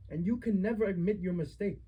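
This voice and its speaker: A man's voice: sits high, quick pace, breathy edge, dull audio. A young man in a heated family argument, confronting his mother with accusing, repetitive rhetorical questions.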